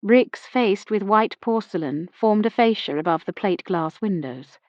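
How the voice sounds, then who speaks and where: A woman reading a first-person mystery novel aloud in a measured, wry storytelling voice. Her pitch sits in the middle, and the recording is dry and a little dull. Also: lively intonation, no room sound. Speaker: audiobook narrator. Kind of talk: first-person audiobook narration of a period mystery.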